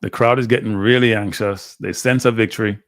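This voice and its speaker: A man's voice: lowish voice, fairly even intonation, a little fast, dry recording, studio quality. A man hosting a live watchalong, calling football play-by-play with blunt, frustrated fan commentary. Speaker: watchalong host.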